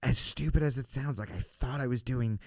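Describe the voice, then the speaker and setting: A man's voice: mid-range voice, a little fast, vocal fry. A man who is a comedian guest on a podcast, telling stories in casual chat, swearing often and laughing through his stories. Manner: animated storyteller who swears a lot. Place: podcast studio.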